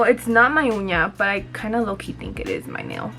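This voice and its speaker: Young woman, chatty code-switcher, bright high voice, light music bed. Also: sing-song, normal speed, hardly any pauses. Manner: chatty, switching between English and Spanish mid-sentence. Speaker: beauty vlogger. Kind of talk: casual get-ready-with-me chat.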